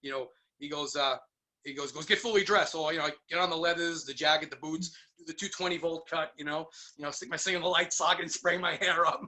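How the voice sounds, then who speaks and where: A middle-aged man from New York telling stories in a casual interview, animated and acting out the voices of people he quotes. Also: on the high side, fast. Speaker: guest musician.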